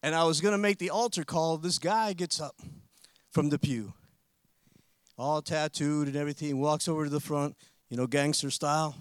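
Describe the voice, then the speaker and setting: A man preaching a sermon, telling a story with lively, animated delivery that builds into forceful preaching. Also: on the high side, normal speed, clear, resonant tone, no room sound.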